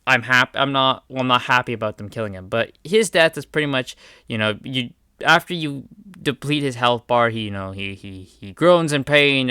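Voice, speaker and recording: A man delivers an impassioned video commentary, hammering his points with repeated words. His voice is bright and crisp, and the sound is close and dry. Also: mid-range voice, no room sound. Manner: heated, emphatic, repeats words for stress.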